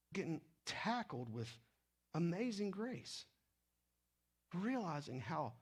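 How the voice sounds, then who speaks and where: A man preaching with a notably high voice, moving from urgent, raised lines to quiet, low-pitched passages. His delivery is animated and emphatic throughout the sermon. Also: breathy edge. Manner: animated preaching, swings from loud to hushed. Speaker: pastor.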